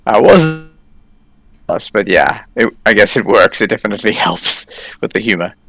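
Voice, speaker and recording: A woman putting on a deep male voice as a sardonic commentator who makes dry asides during a live stream. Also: expressive, moderate pace, fairly bright tone, full character voice. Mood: amused.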